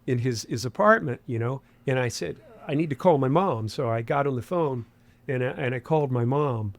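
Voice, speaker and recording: A man's voice: medium pitch, normal speed, gravelly. A man in his sixties from West Virginia, with a faint Appalachian accent, speaking as an interview guest. He rambles, restarting phrases and leaning on fillers. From Huntington, West Virginia. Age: 60s. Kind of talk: conversational interview.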